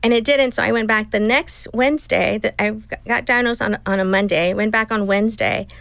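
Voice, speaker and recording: A woman in her fifties recounts a hard personal story in conversation, voicing each exchange as quoted dialogue. Her mid-pitched voice has a gravelly fry, and the recording is close and dry. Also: fairly quick, fairly bright tone, no echo, rough recording. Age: 50s. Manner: emotional, retelling dialogue in quotes. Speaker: guest.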